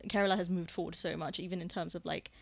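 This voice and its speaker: A woman from the UK with a British accent, chatting casually as a guest on a podcast, measured and easy-going. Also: lowish voice, fairly even intonation, vocal fry, no room sound. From United Kingdom. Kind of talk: casual chat.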